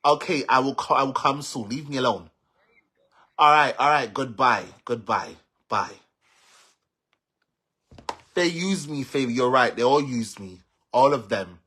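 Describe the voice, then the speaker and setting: Agitated husky Jamaican man venting. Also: medium pitch, animated, unhurried. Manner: agitated, stammering repeats, swings between shouting and muttering. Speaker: social media personality. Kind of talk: venting on a live stream.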